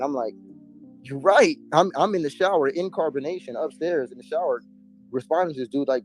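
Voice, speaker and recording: A man's voice: on the high side, fairly quick, soft background music. A man telling his story in a casual interview, emphatic and heavy on slang and swearing. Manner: emphatic, profane, street slang. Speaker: interview guest.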